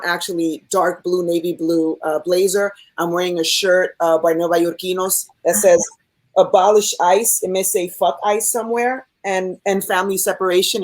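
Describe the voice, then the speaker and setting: A woman from New York City, a filmmaker, introducing herself on a video-call panel in a halting way, with many fillers. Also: on the low side. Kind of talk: casual self-introduction.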